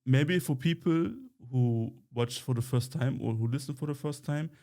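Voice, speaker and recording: A man whose first language is Romani, co-hosting a podcast in casual chat, pausing often with fillers and restarts. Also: medium pitch, mellow, faint music behind. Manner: hesitant, many fillers and restarts. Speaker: podcast co-host, journalist.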